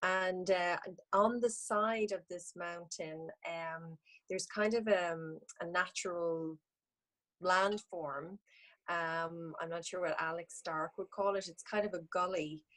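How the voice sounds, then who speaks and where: A woman with an Irish accent, speaking hesitantly with many pauses and fillers from a tablet on a video call. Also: on the low side, fairly even intonation, a bit bright, rough recording. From Ireland. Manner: hesitant, many ums and uhs. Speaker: class participant. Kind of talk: casual group video call.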